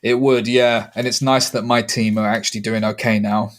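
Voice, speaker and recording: A man from the UK, a comedian guest on a podcast, chatting in a relaxed, easygoing way with hesitant restarts. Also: on the low side, normal speed. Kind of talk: casual podcast chat.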